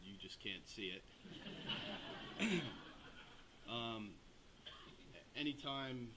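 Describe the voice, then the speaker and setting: A man giving a Hall of Fame acceptance speech at a ceremony, halting, with many fillers and pauses. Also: fairly low pitch, background noise.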